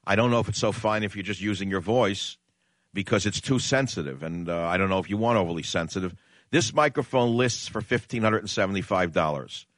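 New york radio host guy, low voice, brash chatty rant, dry studio sound. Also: a bit bright, no room sound. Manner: brash, conversational, drawn-out emphasis. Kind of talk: opinionated talk radio monologue. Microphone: studio condenser microphone.

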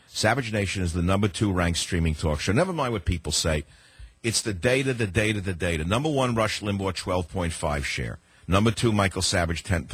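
A man's voice: low voice, fairly bright tone, husky, dry recording. An older man hosting a call-in talk radio show, talking in a sardonic, rambling way with heavy sarcasm.

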